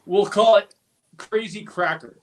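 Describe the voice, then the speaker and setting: A woman co-hosting a casual livestream chat, giggly, breaking into loud laughter. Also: mid-range voice, a little slow. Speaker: co-host. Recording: noisy stream audio.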